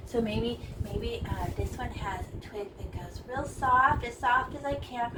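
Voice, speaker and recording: A woman's voice: fairly high pitch, normal speed, few pauses, distant mic, very noisy. Chatty woman teaching painting. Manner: chatty, playful, narrates each brushstroke. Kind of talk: casual painting tutorial.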